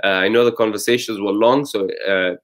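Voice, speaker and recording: A man's voice: lowish voice, steady tone, fairly quick, a bit bright. A man hosting and teaching, casually summarizing recitation lessons with frequent fillers and restarts. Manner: explains patiently with many fillers and restarts. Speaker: host and Quran recitation teacher.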